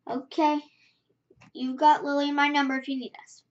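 A confident teenage boy speaks with easy self-assurance, as a young female reader puts him on. The voice stays high and close to her own, dropped only a little. The recording is dull and muffled. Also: flat delivery, moderate pace, far from the mic, close to an everyday voice. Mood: casual.

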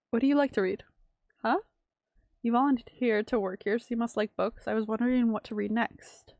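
Gravelly-voiced woman streamer reading aloud. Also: fairly high pitch, brisk, no room sound, clean studio sound. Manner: reads game text aloud, breaks into excited exclamations. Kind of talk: reading a visual novel aloud with live reactions.

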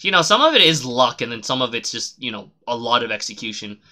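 Profane, lively male game streamer. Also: medium pitch, fast. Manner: profane, rambling chatter with sudden loud outbursts at the game. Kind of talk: casual live gameplay commentary.

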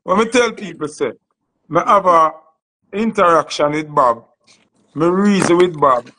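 Jamaican man, casual chat, unhurried, bright tense tone. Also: on the high side, rough recording.

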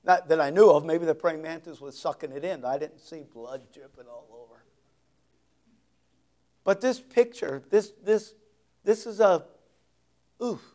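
A male pastor preaching an expository sermon, reading scripture slowly with heavy emphasis and dropping folksy asides. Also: on the high side, animated, a little mellow.

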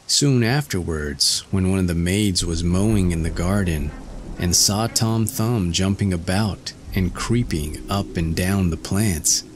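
A man narrating a classic fairy tale in a slow, measured storytelling manner. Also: low-pitched. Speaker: audiobook narrator.

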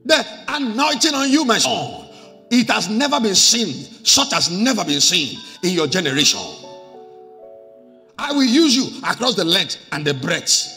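Nigerian man doing a pompous false prophet, drawn-out intoning, lively pitch, echoey hall. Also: exaggerated voice. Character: flattering adult male false prophet, grandiose. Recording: echoey hall with faint music.

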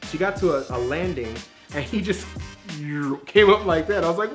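Animated man recapping movies. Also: on the high side, music in the background. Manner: animated storyteller, acts out movie scenes in quick voices. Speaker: vlog host. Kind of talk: casual chat.

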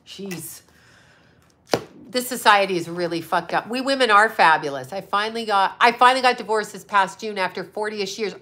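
Blunt, bright-voiced woman with a sarcastic edge. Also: medium pitch, moderate pace. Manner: blunt, sarcastic, swears freely. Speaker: psychic medium and astrologer host. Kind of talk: casual livestream chat.

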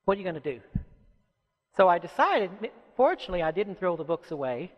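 A man who is an author, giving an animated, rambling talk to a live audience and dropping in lots of "you know" asides. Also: sits high, brisk, highs cut off. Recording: echoey hall.

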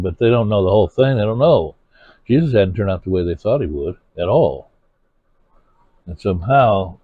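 A man's voice: fairly low pitch, no room sound. A man preaching a sermon to his congregation, earnest and asking them pointed questions. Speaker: pastor. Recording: tinny phone-like sermon recording.

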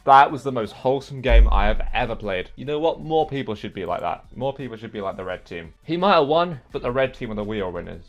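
A young man commentating a game he is playing, excitable, yelping and swearing at other players, then muttering to himself. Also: mid-range voice, brisk, hardly any pauses, faint music behind. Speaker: gaming YouTuber. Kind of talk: let's play commentary.

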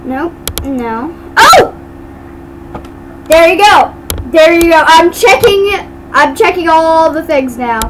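A woman's voice: very high voice, lively intonation, measured pace, heavy background noise. A woman giving casual commentary while playing a game, chatty and giggly, tripping over her words. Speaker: gamer.

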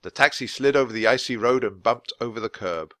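A man reading a children's chapter book aloud for English learners, in clear, expressive storytelling. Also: mid-range voice, brisk, dry recording. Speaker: audiobook reader.

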